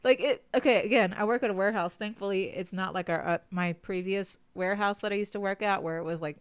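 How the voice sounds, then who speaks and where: A congested woman co-hosting a podcast in casual chat, chatty and quick to giggle. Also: medium pitch, smooth, no echo, studio quality. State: congested, sniffly. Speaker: podcast co-host.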